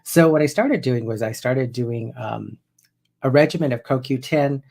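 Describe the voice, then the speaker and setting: Hypnotherapist, 50s man, gravelly, chatty teaching tone, loose and rambling delivery. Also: mid-range voice, expressive, moderate pace, darkish tone. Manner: conversational and loose, often restarting sentences. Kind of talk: casual spoken teaching to viewers.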